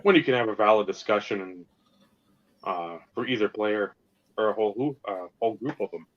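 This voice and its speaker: Talking fairly quickly in a lowish voice, a man co-hosts a podcast of casual sports and hobby chat. His delivery is animated, full of swearing and ranting, captured in slightly muffled lo-fi sound.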